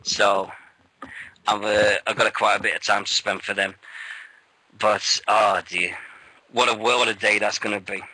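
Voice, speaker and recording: A man co-hosting a radio show, rambling and excitable, swearing freely and sounding shaky with nerves. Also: on the low side, unhurried, pauses often, no room sound, poor audio. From England. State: nervous, shaky. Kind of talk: casual radio chat.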